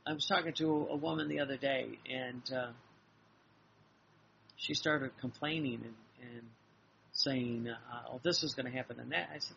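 Gravelly, bright-voiced man preaching. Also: mid-range voice, steady tone, moderate pace, slight background noise. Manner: earnest, repetitive exhortation with quoted dialogue. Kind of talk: sermon. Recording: dull lo-fi recording with faint ambience.

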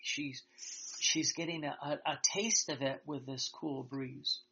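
Slow, gravelly man giving a spiritual talk. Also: medium pitch, steady tone, sharp tone. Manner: slow, halting, with many restarts. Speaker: religious teacher. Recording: dull lo-fi sound.

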